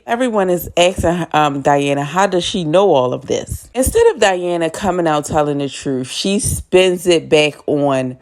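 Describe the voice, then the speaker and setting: Low-voiced woman with blunt, salty talk. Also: expressive, normal speed, hardly any pauses, darkish tone. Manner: blunt, profane, laughs often. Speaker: TV recap host. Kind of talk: casual recap vlog.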